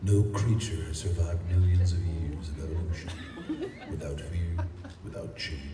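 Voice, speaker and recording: A man imitating a dramatic male movie-trailer narrator, slow and drawn out, at a convention panel. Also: low-pitched, steady tone, heavy background noise, pitched below the performer's own voice. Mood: ominous. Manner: slow, drawn-out, sweeping intonation. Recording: echoey convention hall from far off. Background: crowd.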